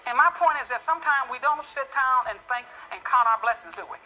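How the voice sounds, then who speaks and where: A man with a high, very bright voice delivers a motivational talk. He tells stories in a lively, quick way, like a seasoned corporate trainer. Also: slight background noise, low-quality recording. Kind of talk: motivational speech with a joke and a poem reading.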